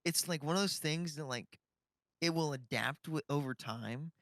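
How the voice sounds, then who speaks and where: A young man co-hosting a podcast, talking in a halting, easygoing way full of "like". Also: on the high side, fairly bright tone, dry recording, studio quality. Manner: halting, filler-heavy, easygoing. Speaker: podcast co-host. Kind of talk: casual chat.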